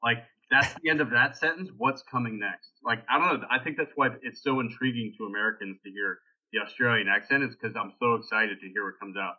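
A man's voice: mid-range voice, steady tone, brisk. A man hosting a casual podcast, rambling and joking loosely before laying out the week's topic, heard over a tinny phone-like line. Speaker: podcast host. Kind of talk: casual chat.

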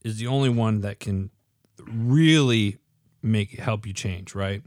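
A man's voice: on the low side, fairly even intonation, normal speed, a little mellow, dry recording, studio quality. A man co-hosting a casual chat, earnest and rambling as he argues his point. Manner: earnest, rambling, pushes back. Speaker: podcast co-host.

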